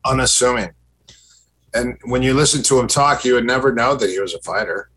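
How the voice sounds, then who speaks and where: A man's voice: medium pitch, a little fast, sharp tone, breathy edge, poor audio. A man, a guest and former fighter, telling long stories in a casual chat, rambling with fillers and restarts and acting out what others said. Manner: rambling, many fillers and restarts, acts out quoted exchanges.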